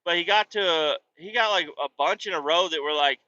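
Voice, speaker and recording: A man in his thirties casually telling stories about his kids and his work, animated and swearing freely. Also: on the high side, normal speed. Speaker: vlogger, truck driver. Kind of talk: casual storytelling vlog. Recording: dull lo-fi sound.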